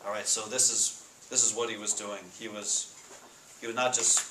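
A man giving a casual sermon to students, asking the room questions and reading scripture slowly. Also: fairly low pitch, level tone. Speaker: Bible study speaker. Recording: echoey room with faint noise.

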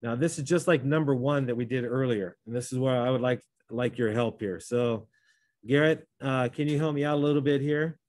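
A man's voice: medium pitch, steady tone, a little fast, a little mellow, no room sound. A man teaching a math lesson, talking through each step and correcting himself as he goes. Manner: talks through steps, self-correcting. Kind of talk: classroom lesson.

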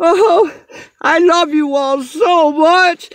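A woman's voice: extremely high pitch, takes it slowly, fairly bright tone, dry recording. A woman vlogger doing a comedic fundraising skit, with frantic, melodramatic panic and screams. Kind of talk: comedic camping vlog skit.

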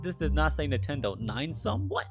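A man giving casual, excitable reaction commentary as a video host, swearing freely and laughing often. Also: a little high, normal speed, over music.

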